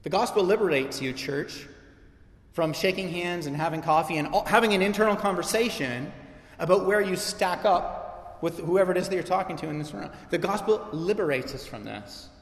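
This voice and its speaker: Impassioned preacher in an echoing hall. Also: male voice, high-pitched, expressive, moderate pace. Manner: conversational, impassioned preaching with emphatic repetition. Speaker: pastor. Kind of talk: sermon. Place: church sanctuary. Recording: echoey hall with long reverb.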